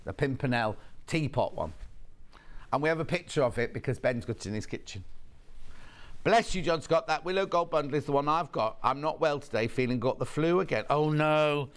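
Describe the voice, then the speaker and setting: A man's voice: fairly high pitch, a little fast, clear, resonant tone. A man presenting live on a TV shopping channel, chatty and teasing the off-camera crew, a bit sniffly with hay fever. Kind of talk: live on-air selling chat.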